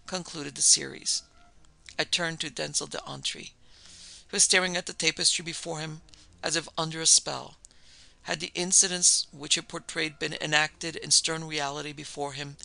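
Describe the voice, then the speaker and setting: A man narrating a ghost story in a measured, even storytelling delivery. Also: fairly high pitch, vocal fry, no echo, rough recording. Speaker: narrator and producer.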